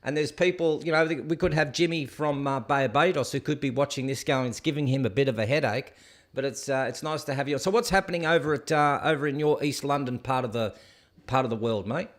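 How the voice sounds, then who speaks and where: A man's voice: mid-range voice, a little fast. A man hosting a casual live stream and chatting easily with callers. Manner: friendly, easygoing with mates. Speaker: host. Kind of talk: casual chat.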